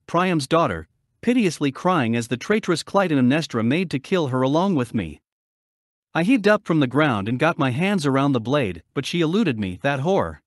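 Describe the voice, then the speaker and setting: A man's voice: a little high, no echo, clean studio sound. A man voicing the bitter ghost of a murdered king in an audiobook reading, telling of his death with grim wrath.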